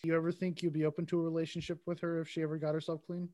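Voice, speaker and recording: A man's voice: on the high side, completely flat delivery, racing, warm tone, no echo. A man hosting a podcast interview, rambling with fillers and restarts as he shares and asks. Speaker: podcast host. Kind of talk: casual interview chat.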